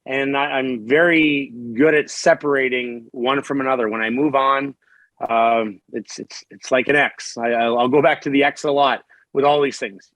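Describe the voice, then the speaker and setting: A middle-aged man talking on a podcast, as candid and salty as a locker room. He tells stories with lots of energy and often restarts his sentences. His pitch sits in the middle, and the sound is dry and close. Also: normal speed, no echo, poor audio. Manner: candid, profane, animated storyteller with frequent restarts. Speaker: podcast guest, former hockey player. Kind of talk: casual storytelling interview.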